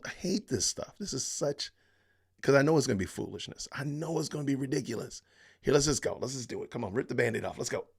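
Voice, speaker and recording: This podcast host speaks fast in a creaky, slightly rough voice. Reacting to things on his live stream, he sighs and addresses viewers in an exasperated tone, with lively rises and falls in pitch.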